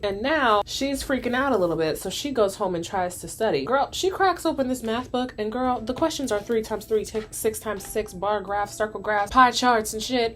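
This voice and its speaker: A young woman vlogger chatting through a cartoon recap, sassy and loose, calling her viewers girl and y'all. Her voice sits at a middle pitch and moves quickly between asides. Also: expressive. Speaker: vlog host. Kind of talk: casual cartoon recap commentary.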